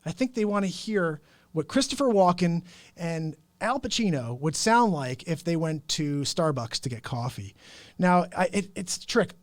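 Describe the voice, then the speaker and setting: A man's voice: fairly high pitch, animated, moderate pace, no echo. A man hosting his own talk stream, speaking in an earnest, upbeat, rambling way. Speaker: host. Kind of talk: casual solo livestream talk.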